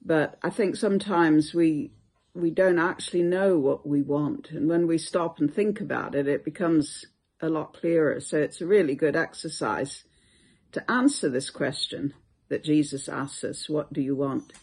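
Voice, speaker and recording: A Bible teacher giving a reflective devotional video talk, unhurried with many hesitations. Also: mid-range voice, a little mellow, husky.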